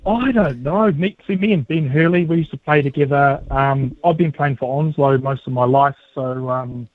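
A man with a New Zealand accent, a comedian and actor, chatting as a radio guest in a relaxed, self-mocking way. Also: medium pitch, normal speed, no echo. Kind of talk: casual phone interview. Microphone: phone line. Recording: tinny phone line.

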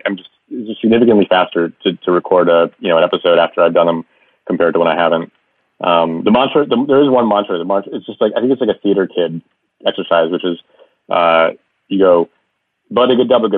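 A man speaks quickly in a low, deep register, stumbling over restarts as he chats on a podcast. His voice comes through a dry, phone-like line with a narrow, tinny sound. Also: no room sound. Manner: hesitant, many restarts. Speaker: podcast guest. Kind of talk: casual chat.

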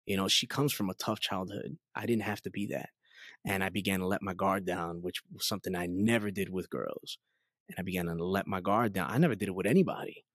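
A man in his late thirties speaks with a somewhat low voice, recorded dry and close in a studio. He tells his story in a chatty, rambling way, leaning on fillers and acting out what people said. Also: brisk, no room sound. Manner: chatty, many fillers, lively quoted dialogue. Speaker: guest giving testimony. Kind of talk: casual storytelling interview.

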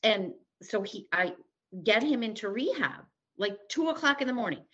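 A woman's voice: fairly high pitch, animated, moderate pace, fairly bright tone, dull audio. A middle-aged woman telling her own recovery story as an interview guest, candid and blunt, acting out past conversations and swearing freely.

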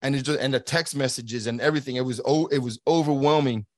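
A man's voice: mid-range voice, fast talker, dry recording, clean studio sound. A middle-aged man, a guest, telling a personal story earnestly, acting out the lines of the people he quotes and often restarting his words. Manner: earnest, acts out quoted dialogue. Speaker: guest, former border agent. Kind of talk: conversational storytelling.

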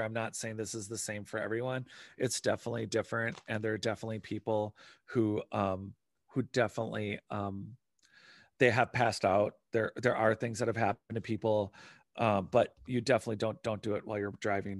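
A man talking in a rambling, animated casual chat and swearing now and then. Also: lowish voice, no echo, clean studio sound.

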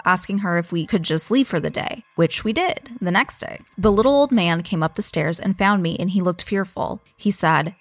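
A woman hosting a podcast, reading a listener's ghost story aloud in a casual, animated way, with swearing and laughing asides. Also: medium pitch, dry recording. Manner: animated reader who breaks off to laugh and comment, swears casually.

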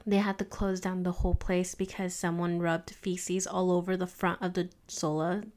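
A woman co-hosting a podcast, telling a story in casual chat, animated and full of "like". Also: lowish voice, normal speed. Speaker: podcast co-host, hair stylist.

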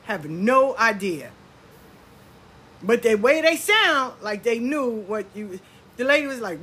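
A woman's voice: fairly high pitch, takes it slowly, long pauses, slight background noise. Exasperated woman ranting through a story. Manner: animated, exasperated, acts out the clerks she quotes. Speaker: vlogger telling a personal story. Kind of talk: casual storytime rant.

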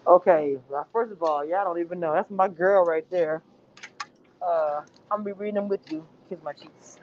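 A woman's voice: on the low side, slight background noise. A woman with a Southern US accent, chatting sassily and animatedly to her viewers on a livestream from her car. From Southern United States. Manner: animated, sassy, laughing. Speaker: livestream host. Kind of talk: casual livestream chat. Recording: dull lo-fi livestream audio.

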